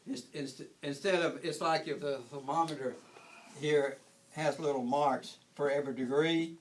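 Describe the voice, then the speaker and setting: A man's voice: fairly high pitch, steady tone, moderate pace, slight background noise. An older man giving an informal spiritual talk, rambling with frequent restarts and chuckling at his own points. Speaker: spiritual teacher.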